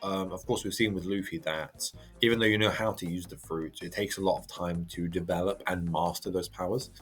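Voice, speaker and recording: A man casually reading and reacting to a manga chapter, chatty and halting with lots of fillers. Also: sits low, fairly even intonation, a bit bright. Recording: faint background music.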